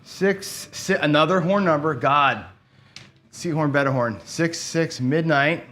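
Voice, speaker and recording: A man's voice: a little high, slow pace, a bit bright. A man hosting a gambling channel, giving casual play-by-play commentary in a rambling, profane way, as if talking to himself. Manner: rambling, profane, talks to himself while playing.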